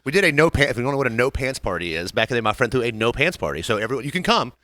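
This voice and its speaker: Fast-talking, bright-voiced man. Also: medium pitch, sing-song, no room sound. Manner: crude, joking storyteller. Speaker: podcast co-host. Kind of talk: casual banter.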